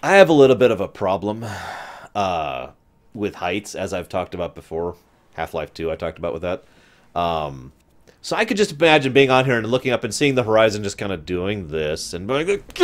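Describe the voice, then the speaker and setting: A man chatting through a game playthrough, self-deprecating and quick to laugh. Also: on the low side, big pitch swings. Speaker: gamer commentator. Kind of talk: let's-play commentary.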